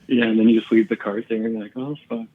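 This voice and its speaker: A man's voice: lowish voice, completely flat delivery, very fast, phone-quality sound. A man, a comedian guest, telling rambling stories in casual chat and swearing often.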